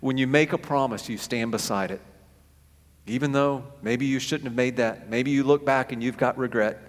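A male pastor preaches with lively energy, repeating key phrases and slipping into the voices of the people he quotes. His voice is mid-pitched and ordinary. It carries through a church sanctuary with a long, hanging reverb. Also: moderate pace. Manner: animated, repeats phrases for emphasis, acts out quotes. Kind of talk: sermon. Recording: echoey hall with long reverb.

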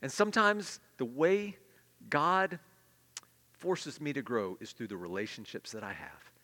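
A middle-aged male pastor preaching a sermon, swinging between loud emphatic peaks and hushed confessional asides. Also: medium pitch, lively intonation, measured pace. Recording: long hall reverb.

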